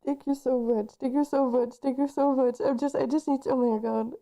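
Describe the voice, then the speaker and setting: High, mellow-voiced gushing woman streamer. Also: steady tone, brisk, gravelly. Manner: effusive, repeating thanks over and over; gushing and emotional. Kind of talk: reaction stream chat.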